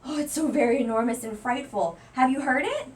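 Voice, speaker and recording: Woman reading sweet little girl mouse, high, lively, storybook, distant mic. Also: brisk, slight background noise, lightly acted. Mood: indignant. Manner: shy at first, then cheerful and chatty. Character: small gray girl mouse, sweet and friendly.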